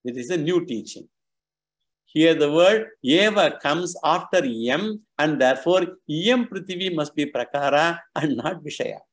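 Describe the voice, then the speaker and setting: A man's voice: fairly high pitch, expressive, measured pace. A man giving a scripture lecture, explaining step by step with patient, repetitive phrasing and frequent restarts. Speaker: scripture teacher.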